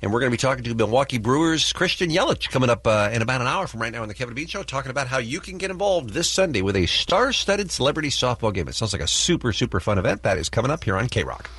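A man's voice: medium pitch, sing-song, fast talker, few pauses, a bit bright, breathy edge, no room sound. A man hosting a radio talk show in a studio, wry and conversational. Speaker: radio host.

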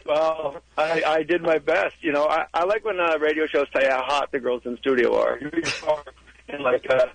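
A man's voice: a little high, steady tone, brisk, creaky. A man, a comedian calling into a radio show, telling rambling stories and acting out voices over a phone line. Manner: rambling storyteller, acts out voices. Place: car in the woods.

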